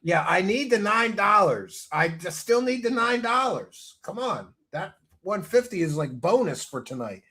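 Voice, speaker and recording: A man hosting a livestream, talking in a profane, mocking comedic way and often breaking into shouts. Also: high voice, very animated, measured pace, few pauses. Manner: loud, mocking, swings into shouting. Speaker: livestream host.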